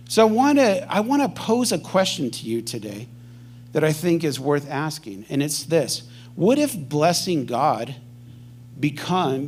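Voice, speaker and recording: Middle-aged pastor, slightly high male voice, chatty sermon delivery. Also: normal speed, a little mellow. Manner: conversational, acts out everyday voices.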